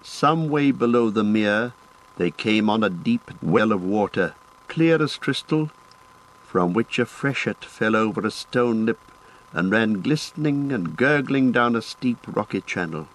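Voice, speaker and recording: A man reading a fantasy novel aloud in a measured, descriptive narration. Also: lowish voice, expressive, rough recording. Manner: measured, descriptive reading with lifted phrase starts. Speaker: audiobook narrator.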